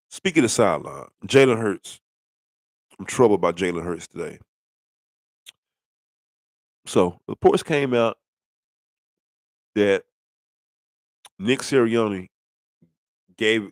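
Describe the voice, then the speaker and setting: With a low voice on a dry recording, a middle-aged sports commentator goes on a blunt football rant. He rambles casually and keeps asking rhetorical questions.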